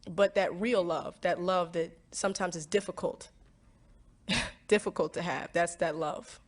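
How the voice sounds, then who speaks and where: A woman speaking reflectively in an interview clip, often halting and repeating words. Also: on the low side. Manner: halting, repeats words, lively when quoting herself. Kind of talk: reflective personal talk.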